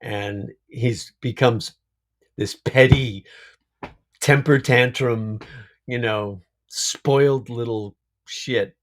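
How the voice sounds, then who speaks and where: A man, an actor being interviewed, speaking in an unhurried, reflective way and laughing often over a video call. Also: mid-range voice, steady tone. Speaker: actor guest. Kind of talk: casual interview chat.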